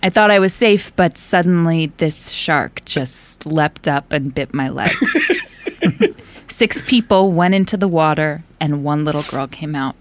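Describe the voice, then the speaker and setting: A woman's voice: low voice, a little slow, slight background noise. A woman voicing an adult woman survivor who tells her shark story in a mock-dramatic New York accent. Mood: mock-grave. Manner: mock-dramatic, stifling giggles. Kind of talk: reading a film monologue aloud.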